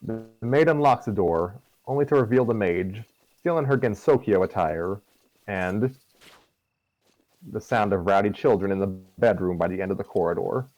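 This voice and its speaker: A man narrates a fan story in a relaxed, chatty way, trailing into fillers between lines. His voice sits on the low side. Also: moderate pace, dry recording, poor audio. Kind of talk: casual fan fiction narration.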